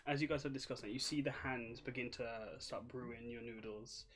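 A man's voice: mid-range voice, steady tone, fairly quick. Laid-back male game master, improvising scene narration with loose hesitations.

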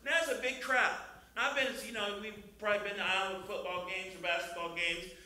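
A man's voice: high-pitched, fairly even intonation, fairly quick, sharp tone, heavy reverb, recorded from a distance. An older man from Missouri sharing a testimony in church, building to fervent praise. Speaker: church member leading testimony time. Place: church sanctuary.

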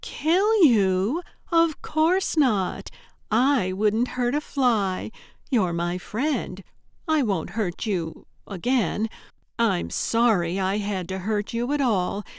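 A woman narrator voicing a giggly, unhinged female kidnapper who talks in a high, bubbly, overly friendly sing-song. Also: expressive, slow pace, vocal fry, dry recording, clean studio sound. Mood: sugary, chirpy. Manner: chirpy and overly friendly, tittering. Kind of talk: audiobook character voice.

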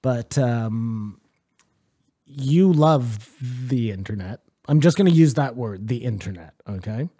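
A man's voice: mid-range voice, expressive, slow pace, warm tone, slightly rough. A man co-hosting a comedy podcast, cutting in with mock-serious questions and crude jokes. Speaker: podcast co-host.

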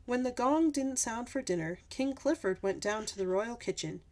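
A woman reading a picture book aloud to kids, her voice sitting fairly high. She reads in an expressive, animated way, shaping each line for young listeners. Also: normal speed. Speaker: children's storyteller.

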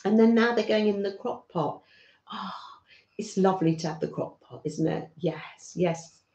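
A British woman hosting a live craft stream, chatting warmly with viewers by name and laughing softly. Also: mid-range voice, moderate pace. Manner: warm, chatty, talks to viewers by name, frequent soft laughs. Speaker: craft livestream host. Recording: roomy, slightly dull sound.

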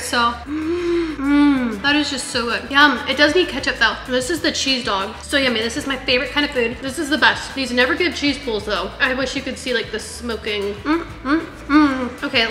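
A young woman chatting to viewers in a casual cooking vlog, a bit frantic as she cooks in her kitchen. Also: high voice. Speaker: vlogger. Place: home kitchen. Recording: echoey kitchen with long reverb. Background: soft background music.

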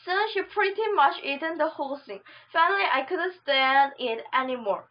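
A woman's voice: sits high, lively intonation, normal speed, few pauses, muffled recording. A woman reading a children's chapter book aloud in a plain storytelling way, with some slips and restarts. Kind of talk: amateur audiobook reading.

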